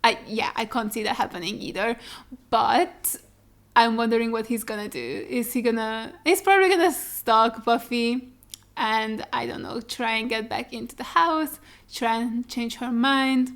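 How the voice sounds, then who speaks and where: A woman's voice: fairly high pitch, moderate pace. A young woman hosting a reaction video, chatting casually and animatedly, swearing freely. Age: young adult. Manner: animated, swearing freely, mocking voices in quotes. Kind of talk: casual chat.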